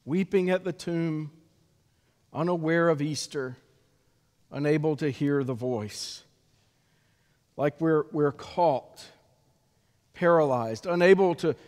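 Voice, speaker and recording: A male pastor delivering an Easter sermon in a slow, measured way with dramatic pauses, in a church sanctuary. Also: fairly high pitch. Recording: long reverb of a church sanctuary.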